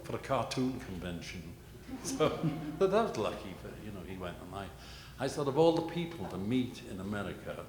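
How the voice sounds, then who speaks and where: Older guy rambling through a story, lots of restarts, low voice, long hall reverb with background noise. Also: sing-song, darkish tone. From England. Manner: halting, self-deprecating, many restarts. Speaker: panel guest, illustrator. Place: gallery panel before an audience. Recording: echoey gallery hall, noisy.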